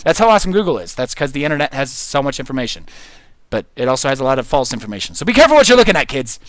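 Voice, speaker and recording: Giggly, lively-voiced man rambling while gaming. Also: medium pitch, rapid-fire, no echo. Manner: rambling, giggly, thinks aloud with many fillers. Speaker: livestreamer reading chat. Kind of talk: casual gameplay livestream commentary.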